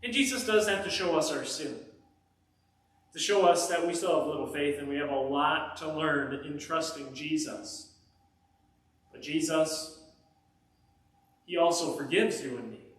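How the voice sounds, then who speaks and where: Male pastor, kids' sermon storyteller, fairly high voice, heavy echo, recorded from far off. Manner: animated storyteller addressing kids. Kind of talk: children's message storytelling. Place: church. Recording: echoey church from far off.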